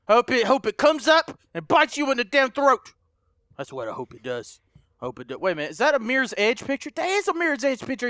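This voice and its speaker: Playing a horror game on camera, this male YouTuber talks his viewers through it, calling them "guys," and frequently panics, screams and curses at the monsters in his let's play commentary. He has a very high voice with a sharp tone.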